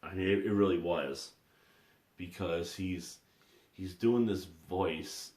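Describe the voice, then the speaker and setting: A vlogger with a low, husky, somewhat mellow voice slowly rambles through personal stories, restarting and repeating himself a lot, in a room with noticeable echo.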